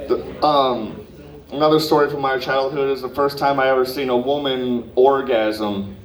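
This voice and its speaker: Rambling profane stand-up comic, roomy club. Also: male voice, medium pitch, fairly even intonation, normal speed. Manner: rambling, profane storytelling with asides. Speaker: stand-up comedian. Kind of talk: stand-up set at an open mic. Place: comedy club open mic. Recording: roomy, distant live club recording.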